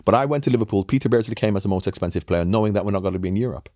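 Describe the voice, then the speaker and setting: Rapid-fire emphatic man in his sixties. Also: fairly low pitch, mellow, dry recording, clean studio sound. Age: 60s. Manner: emphatic, interrupts and pushes back. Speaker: guest. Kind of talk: heated debate.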